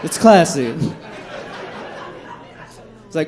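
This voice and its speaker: A man's voice: high-pitched, normal speed. A man in his thirties doing a brash, profane stand-up comedy set at a comedy club. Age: 30s. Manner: brash, profane, animated delivery. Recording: live club recording with crowd laughter. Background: audience laughter.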